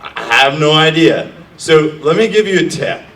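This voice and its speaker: A man's voice: fairly high pitch, expressive, moderate pace, a bit bright. A middle-aged man coaching startup founders in a blunt, profane, mocking live talk to an audience. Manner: brash, profane, mocking, acts out nervous founders. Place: room with an audience. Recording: echoey room from far off.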